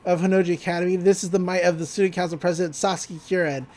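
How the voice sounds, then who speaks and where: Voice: mid-range voice, fairly even intonation, fast talker, darkish tone, natural voice. Stern hulking schoolboy enforcer, as a podcaster casually puts him on, blunt, swears. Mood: threatening. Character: stern hulking male student brigade leader.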